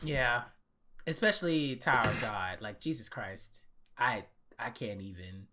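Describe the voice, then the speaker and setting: A young man co-hosting an anime podcast, telling a story in an animated, profane way and acting out his own reactions. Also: mid-range voice, measured pace, a crowd in the background. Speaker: podcast co-host. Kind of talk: casual podcast chat.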